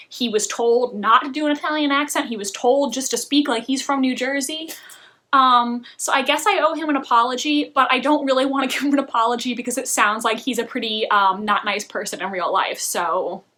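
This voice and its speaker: Young woman, casual review vlogger, high voice, chatty and opinionated with frequent laughs. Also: bright, forceful tone. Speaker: book and TV vlogger.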